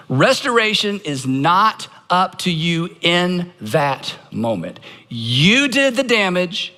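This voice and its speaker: Male pastor, bright and forceful tone, live sermon in a reverberant auditorium, stage mic. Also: sits high. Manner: emphatic, leads congregation in call-and-response practice.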